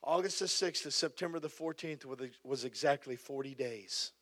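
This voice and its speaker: A man's voice: medium pitch, normal speed, bright, forceful tone. A middle-aged man preaching a sermon and leading prayer, with a fervent, repetitive cadence. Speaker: pastor.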